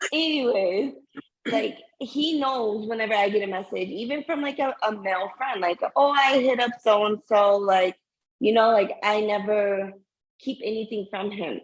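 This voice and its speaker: A woman co-hosting a relaxed podcast conversation. She speaks at an unhurried, drawn-out pace with a mid-range voice, earnest and a little emotional. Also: mid-range voice, lo-fi sound. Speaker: podcast co-host. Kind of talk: casual chat.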